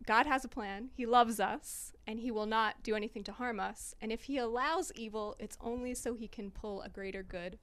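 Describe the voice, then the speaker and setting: A woman speaking earnestly and reflectively in a casual church retreat conversation. Her voice sits a little higher than most women's. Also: normal speed, few pauses, a bit bright. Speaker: retreat participant. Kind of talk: casual faith discussion.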